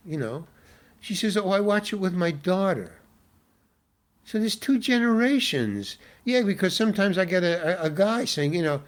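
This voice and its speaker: A man's voice: high-pitched, big pitch swings, normal speed. An older man, a guest actor, telling stories in a casual interview, rambling with restarts and exasperated asides.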